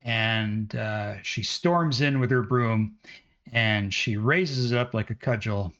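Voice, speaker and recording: A man narrating as game master of a tabletop game, with many fillers and pauses. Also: on the low side, a bit bright. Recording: dull lo-fi audio.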